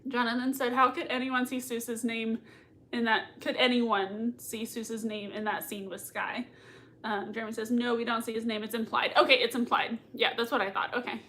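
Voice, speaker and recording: A high-pitched woman chats excitedly on a live reaction stream. She reads out viewer comments and gushes about the episode, breaking into giggles often. Her talk is casual and full of fillers. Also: normal speed. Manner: gushing and excitable, frequent laughter. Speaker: livestream host reacting to a TV episode.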